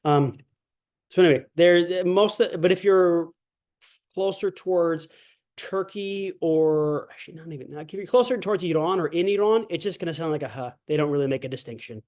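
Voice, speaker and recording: A man's voice: on the high side, brisk, a little mellow. A man teaching an online language lecture, chatty and digressive, with many fillers, who acts out sounds to show them. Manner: demonstrates sounds by exaggerated voicing. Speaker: language instructor.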